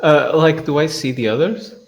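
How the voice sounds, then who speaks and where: A man's voice: fairly high pitch, moderate pace, vocal fry, soft background music, poor audio. A man playing a tabletop role-playing game, asking hesitant questions about the rules. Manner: hesitant, asks rule questions. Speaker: player.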